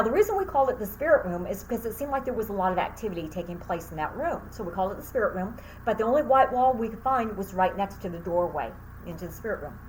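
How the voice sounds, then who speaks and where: A woman's voice: mid-range voice, a little hiss or hum, poor audio. A woman who teaches Reiki and hosts her own channel, telling a story casually to the camera with lots of fillers and thank-yous.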